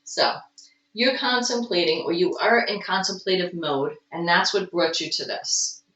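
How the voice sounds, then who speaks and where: A woman's voice: on the low side, lively intonation, a little slow, fairly bright tone. A woman giving a casual tarot reading at home, with stretches where she coos baby talk to her cat. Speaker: tarot reader. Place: home room. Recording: roomy, distant, dull home recording.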